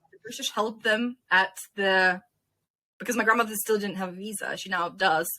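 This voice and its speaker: A young woman from Ukraine, interviewed as a guest, retelling events in an animated, emotional way. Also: mid-range voice, normal speed. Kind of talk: casual interview storytelling.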